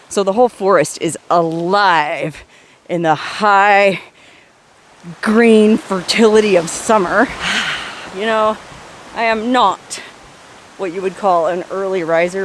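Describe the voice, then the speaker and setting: A woman's voice: medium pitch, a little slow, a little hiss or hum. A woman hosting a chatty outdoor travel vlog, recorded on a forest trail by hot springs. She talks with enthusiasm, dry wit and salty humor.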